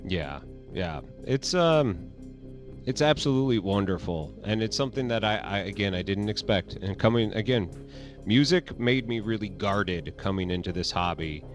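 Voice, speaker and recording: A man's voice: on the low side, lively intonation, moderate pace, faint music behind. A man hosting a casual interview podcast, talking earnestly with frequent restarts. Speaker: podcast host.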